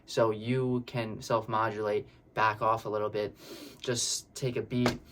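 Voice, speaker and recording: A man, a breathwork facilitator, explaining a session in a relaxed, reassuring way and often repeating his words. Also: lowish voice, a little slow, slight background noise. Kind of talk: casual explanatory talk.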